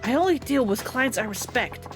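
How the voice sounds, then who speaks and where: A woman's voice: fairly high pitch, lively intonation, moderate pace, music in the background, natural voice. Woman doing a haughty formal weapons master. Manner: stiff, lofty, formal phrasing.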